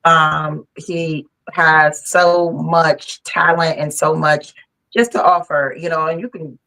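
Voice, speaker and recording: A young woman, a podcast guest, telling animated stories in casual chat and laughing as she goes. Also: low voice, slow pace, vocal fry, low-quality recording. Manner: animated storyteller, laughs through her stories.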